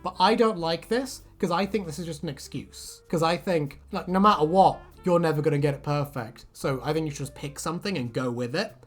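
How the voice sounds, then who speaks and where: A woman co-hosting a casual chat, animated and laughing often, breaking into silly voices. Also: low voice, brisk, hardly any pauses, breathy edge, soft background music. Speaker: co-host.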